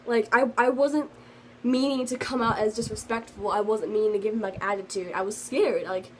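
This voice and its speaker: A woman's voice: medium pitch, fairly even intonation, brisk, slight background noise, rough recording. A teenage girl telling a storytime vlog in a rambling, casual way, full of fillers, and slightly sick. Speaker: vlogger.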